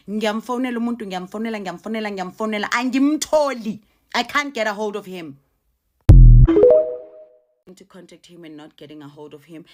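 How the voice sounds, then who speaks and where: Animated middle-aged South African woman. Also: sits low. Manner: animated, repeats exclamations, mixes in local words. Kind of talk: personal storytelling.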